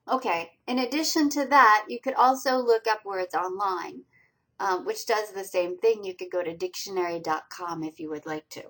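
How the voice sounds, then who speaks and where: A woman's voice: medium pitch, moderate pace, a bit bright. A woman teaching a college reading class, talking through slides step by step and asking students questions as she goes. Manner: patient, step-by-step explaining with quiz questions to students. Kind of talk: recorded slideshow lecture.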